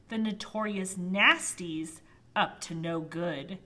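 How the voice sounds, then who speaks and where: A woman librarian reading a picture book aloud to toddlers, expressive, with asides to the children. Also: mid-range voice. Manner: slow, lilting and expressive. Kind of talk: toddler storytime read-aloud.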